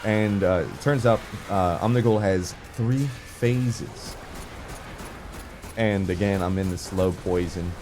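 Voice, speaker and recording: A young man giving casual, rambling commentary over his gameplay footage, full of fillers and excited asides. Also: on the low side, slight background noise. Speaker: gaming video creator.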